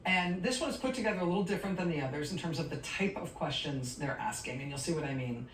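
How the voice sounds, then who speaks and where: A woman hosting a news show, reading out poll results in a rapid question-and-answer rhythm, with wry, sardonic asides. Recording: roomy, distant sound with faint rumble.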